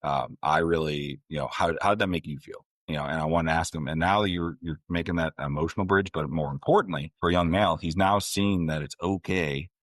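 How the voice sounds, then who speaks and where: A middle-aged man with a very deep voice talks casually through parenting advice. He tells little stories and jumps into quick impressions of parents and kids. The recording is dry and close, with no room sound. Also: fairly bright tone, no echo. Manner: conversational, storytelling, acts out parent and child quotes. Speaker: guest author and parenting expert. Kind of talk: casual interview talk.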